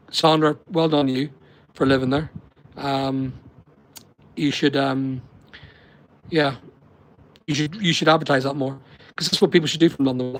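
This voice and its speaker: A man's voice: mid-range voice, low-quality recording. A middle-aged man with a Northern Irish accent chatting on a live stream, rambling and answering viewers' comments as he goes. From Northern Ireland. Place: holiday lodging abroad. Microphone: laptop or phone on a weak connection.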